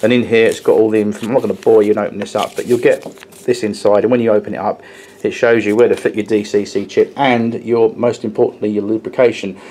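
A man's voice: fairly low pitch, flat delivery, quick pace, warm tone, a little hiss or hum. A man reviewing a model locomotive in a casual, chatty way, with frequent ums and restarts as he explains details hands-on.

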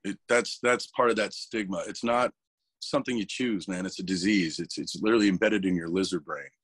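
Male interview guest, low voice, dry close sound, candid and emotional, swears a lot. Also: a little fast, fairly bright tone, slightly rough, dry recording. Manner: emotional, swearing, restarts words. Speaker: interview guest, metal vocalist.

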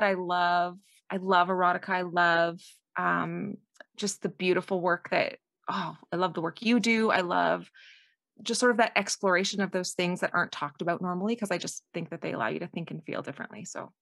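A woman's voice: fairly low pitch, vocal fry, sharp tone, dry recording, clean studio sound. A woman from Canada, a guest author, chatting in a rambling, self-deprecating way and laughing often. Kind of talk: casual interview chat.

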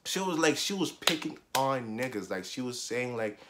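In a casual vlog, a young man recounts a story from his school days, animated and packed with slang and swearing, swinging between loud outbursts and muttered asides. His voice is medium-pitched at a normal speed, with a little hiss or hum in the recording.

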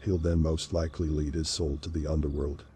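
A man voicing a calm, knowing woman who practices voodoo, speaking softly in a deep, even storybook reading. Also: a little hiss or hum. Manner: soft, measured, thoughtful.

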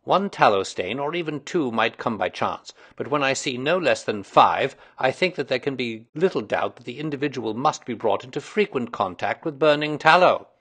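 Male reader doing a sharp-minded Victorian sleuth, emphatic and lively. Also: medium pitch, moderate pace, hardly any pauses, breathy edge. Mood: lecturing. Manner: precise, lecturing, emphatic. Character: brilliant, self-assured Victorian male detective.

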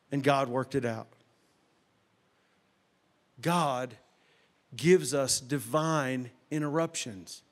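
A middle-aged man preaching a sermon as a folksy, animated storyteller who drops to a hush for quoted voices. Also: fairly high pitch. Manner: folksy, animated, with loud sound effects and hushed quoted voices. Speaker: pastor.

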